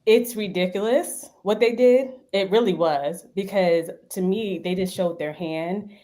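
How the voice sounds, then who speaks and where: A woman's voice: medium pitch, measured pace, warm tone. A woman guest on a casual talk show, conversational and opinionated. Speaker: guest commentator.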